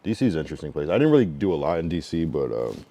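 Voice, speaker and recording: A man from New England talks with his livestream chat in a deep, low voice. He reads the viewers' messages aloud and gives blunt, slangy feedback. He rambles casually, full of fillers and asides. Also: sing-song, warm tone. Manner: frank, loose, reads chat messages aloud and answers them; drawn-out slang-filled musing with many fillers.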